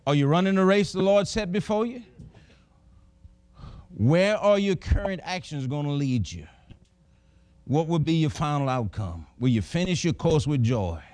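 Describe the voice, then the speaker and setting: High-voiced preacher man, dry sound. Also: moderate pace, long pauses, no room sound. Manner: storytelling, folksy and animated. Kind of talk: sermon.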